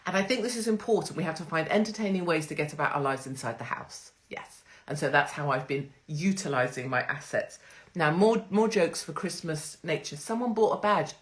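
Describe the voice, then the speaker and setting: Brash, low-voiced woman. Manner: brash, crude, sarcastic, swears freely. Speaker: livestream host. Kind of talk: casual livestream monologue. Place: at home. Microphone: phone livestream.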